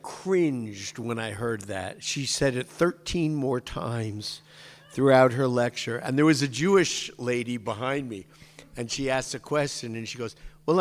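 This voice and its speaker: A man telling a casual, rambling story to a congregation. He often restarts his sentences and stops to explain how words are pronounced. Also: medium pitch. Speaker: speaker addressing a congregation. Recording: long reverb of a large hall.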